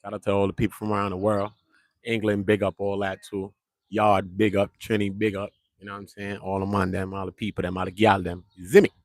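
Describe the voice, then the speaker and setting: A man's voice: lowish voice, completely flat delivery, a little fast, no room sound, clean studio sound. A man, rambling casually to the camera in slang, joking and repeating himself.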